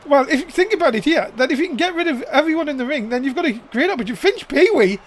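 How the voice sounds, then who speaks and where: Giggly guy calling the action, high voice, goes up and down a lot, yells at big moves. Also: lively intonation, racing, a little hiss or hum. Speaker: commentator. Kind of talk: laughing casual play-by-play commentary.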